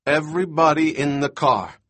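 A male narrator voicing a blunt, quick-tempered scientist who speaks sharply in a raised, higher voice. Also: a bit bright. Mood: urgent.

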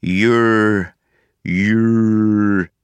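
A man's voice: fairly low pitch, animated, slow pace, a bit bright, no echo. A man voicing a smug female villain who taunts and mocks her rival. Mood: mocking. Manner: mocking, taunting. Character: gloating female villain clone, cold and smug.

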